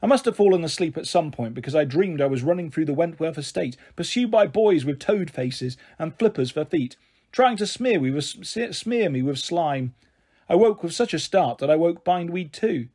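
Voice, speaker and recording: A man reads a children's novel aloud in a husky, slightly raspy voice pitched a little high. He is expressive and changes his voice for each figure in the story. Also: moderate pace. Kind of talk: audiobook reading of a children's novel.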